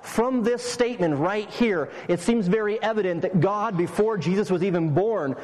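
High-voiced man preaching in a reverberant hall. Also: moderate pace, a little mellow. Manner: explains step by step, emphatic. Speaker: pastor. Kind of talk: sermon. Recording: long reverb of a large hall.

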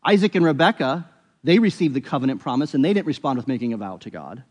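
A man's voice: mid-range voice, lively intonation, quick pace, in a large hall. A man preaching a sermon, earnest and explanatory, often correcting himself mid-thought as he walks through a scripture passage. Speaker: pastor.

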